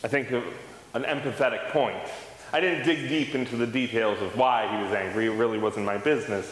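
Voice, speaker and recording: A man's voice: medium pitch, brisk. A man preaching a sermon as pastor, telling a personal story in a conversational way and acting out the dialogue. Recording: roomy hall reverb, faint background noise.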